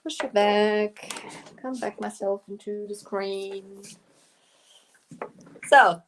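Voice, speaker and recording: A woman's voice: mid-range voice, fairly even intonation, extremely slow, long pauses, slight background noise. A woman with a German accent hosting a casual live stream about her craft shop, chatty and laughing often as she reads viewer comments. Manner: giggly, laughs often while talking.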